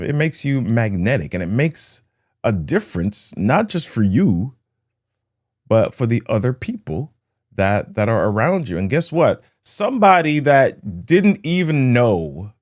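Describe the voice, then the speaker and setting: A man hosting a motivational leadership talk who tells stories and acts out the scenes with sound words. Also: medium pitch. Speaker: host of a leadership talk show.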